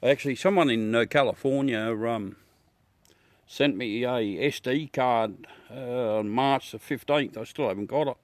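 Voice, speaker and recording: Unhurried and medium-pitched, this man's voice comes through with no room sound. He's a middle-aged Australian hosting a livestream, talking bluntly and casually with viewers, swearing and calling each of them mate.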